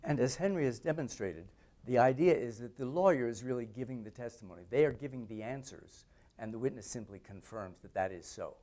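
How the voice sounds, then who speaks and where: A middle-aged man teaching trial lawyers, explaining courtroom questioning in a deliberate, demonstrative way. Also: mid-range voice, lively intonation, mellow. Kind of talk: instructional talk with mock courtroom questioning.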